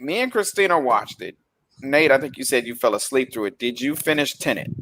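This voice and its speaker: A man's voice: mid-range voice, sing-song, brisk, a bit bright. A man co-hosting a casual chat about films and shows, teasing and rambling through asides. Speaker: podcast co-host.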